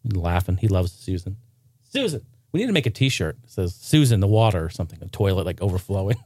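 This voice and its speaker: A young man hosting a casual gaming news podcast, rambling and joking, sometimes breaking into loud shouted bits. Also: low-pitched, sing-song, fast, breathy edge, no echo. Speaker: podcast host.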